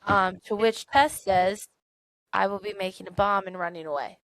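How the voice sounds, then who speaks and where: A young woman co-hosting a podcast, retelling a book's plot in a chatty, animated way with many fillers. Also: medium pitch, normal speed, no echo. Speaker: podcast co-host. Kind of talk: casual book discussion.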